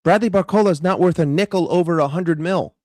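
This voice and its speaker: A high-pitched man with a New York accent rants in a heated, sarcastic way, swearing freely as he vents about his football club. His voice is recorded close and dry, with almost no room sound. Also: brisk, a little mellow, dry recording. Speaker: football fan vlogger. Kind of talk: ranting fan commentary.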